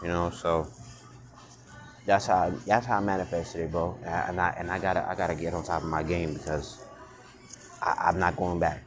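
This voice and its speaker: A man's voice: deep voice, level tone, moderate pace, long pauses. A man vlogging in a blunt, profane, unscripted monologue, often restarting and repeating words. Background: music.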